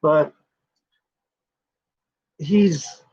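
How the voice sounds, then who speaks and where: A man's voice: fairly high pitch, extremely slow, a little mellow, husky. A man hosting a casual livestream, rambling and cursing freely, often trailing off with fillers. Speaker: livestream host. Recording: dull lo-fi sound.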